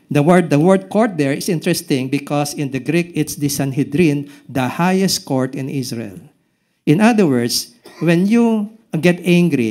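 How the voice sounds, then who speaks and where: A male pastor with a Filipino accent preaching a sermon, often quizzing the congregation with short questions and dropping from loud emphasis to hushed lines. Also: mid-range voice. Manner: swings between loud emphasis and hushed drops.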